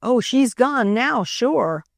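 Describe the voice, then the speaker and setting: A glum country boy who states things flatly and gives up quickly, played by a woman reading aloud. His voice is a touch raised. The recording is dry and close. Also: fairly high pitch, gravelly, dry recording, voice pushed up, exaggerated voice. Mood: resigned.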